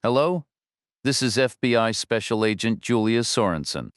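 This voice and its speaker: A man's voice: medium pitch, lively intonation, normal speed, no echo, clean studio sound, lightly acted. A man voicing a direct female federal agent who asks short, pointed questions in an audiobook. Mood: brisk, probing.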